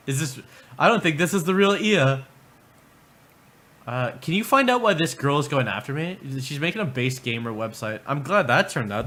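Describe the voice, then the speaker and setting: Man, livestream host, sarcastic and profane, bright voice, lively pitch swings. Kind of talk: casual livestream commentary.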